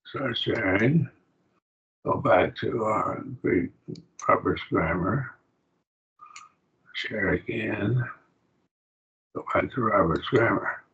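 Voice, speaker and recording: A man with a low voice teaches a Greek grammar lesson on a video call. He explains slowly and puts questions to his class. The call audio is dull and lo-fi. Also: a bit bright.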